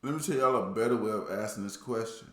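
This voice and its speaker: A man's voice: lowish voice, quick pace. Brief: male host, casual reaction talk, rambling slang, roomy echo. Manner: rambling, filler-heavy slang.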